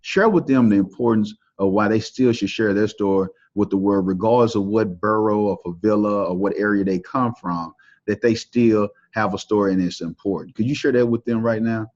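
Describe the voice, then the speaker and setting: A man's voice: on the low side, moderate pace, darkish tone. A man with a Texan accent hosting a podcast interview, talking in a loose, folksy, upbeat way with plenty of fillers. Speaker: podcast host. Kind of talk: casual interview talk. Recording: dull lo-fi audio.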